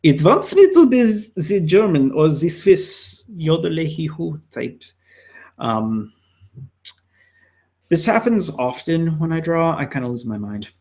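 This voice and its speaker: A man talks his way through a drawing on a live stream, rambling and muttering to himself with plenty of ums. He speaks slowly, but his pitch swings widely up and down. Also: wildly swooping pitch, darkish tone. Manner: rambling, self-talking, scattered fillers. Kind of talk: casual live-stream commentary while drawing.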